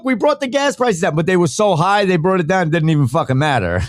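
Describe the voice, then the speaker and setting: A man's voice: mid-range voice, no room sound, studio quality. A man, hosting his podcast alone in a heated, profane rant. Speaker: podcast host. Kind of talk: ranting solo podcast talk.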